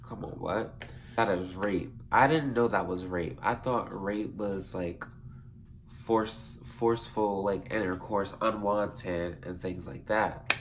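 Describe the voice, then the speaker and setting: A young man with a slightly low voice tells a story to camera in a loose, chatty way. He swears freely, backtracks and restarts his sentences as he goes. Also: takes it slowly, slight background noise. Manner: rambling, profane, self-correcting. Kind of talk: casual storytime vlog.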